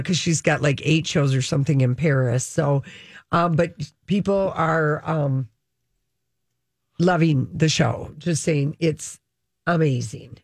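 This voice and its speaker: A woman's voice: low-pitched, darkish tone, dry recording, clean studio sound. A woman hosting an entertainment news segment on the radio, gossiping casually and reading out press quotes.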